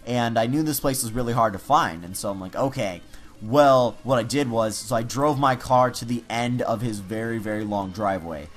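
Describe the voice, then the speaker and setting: A man's voice: medium pitch, normal speed, soft background music. A teenage man telling a personal story in a casual, rambling way, full of fillers and restarts. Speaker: YouTuber.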